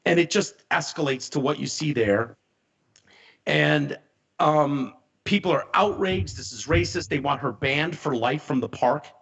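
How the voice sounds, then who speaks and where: A man co-hosts a casual podcast, retelling events with plenty of animation and acting out the voices of the people involved. His voice sits a little high and has a gravelly, fried edge. The recording sounds dull and lo-fi. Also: unhurried. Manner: animated storyteller, acts out quoted voices. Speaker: podcast co-host.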